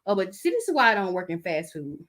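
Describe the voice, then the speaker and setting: Bright-voiced chatty woman. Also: medium pitch, big pitch swings, fast talker. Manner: chatty, loose and conversational, with asides. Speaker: host. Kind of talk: casual chat reading out text messages.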